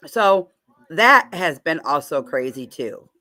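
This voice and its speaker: Her voice sits low and has a sing-song lilt, moving at a slow pace with a pushed, bright quality. As a livestream host, she keeps the casual chat playful and greets her viewers by name.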